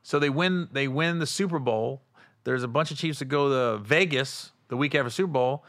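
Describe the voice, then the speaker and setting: A man hosting a casual podcast chat, relaxed and acting out other people's voices in his stories. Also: medium pitch, moderate pace.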